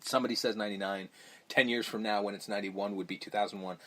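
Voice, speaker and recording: A man's voice: fairly low pitch, steady tone, fast talker, a bit bright. A young man hosting a podcast, recapping a movie in a rambling, profane, offhand way. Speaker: podcast host. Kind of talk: casual movie recap chat.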